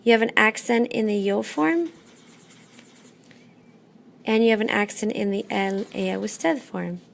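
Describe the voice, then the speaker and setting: Slow, gravelly-voiced woman teacher. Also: mid-range voice, a little hiss or hum. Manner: slow, patient, checks in with "okay?" often. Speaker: Spanish teacher. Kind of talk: classroom lesson.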